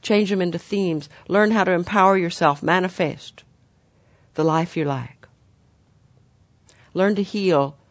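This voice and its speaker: Spiritual teacher, gentle guiding delivery, mid-pitched voice, dry and close recording. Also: measured pace, long pauses, dry recording. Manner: gentle, guiding, addresses listeners as "dear ones".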